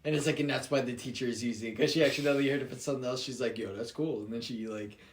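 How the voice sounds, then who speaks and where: A man's voice: medium pitch, racing, slight background noise. A young man co-hosting a casual podcast, rambling with lots of fillers and swearing. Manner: rambling, filler-heavy, profane. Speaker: podcast co-host. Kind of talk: casual chat.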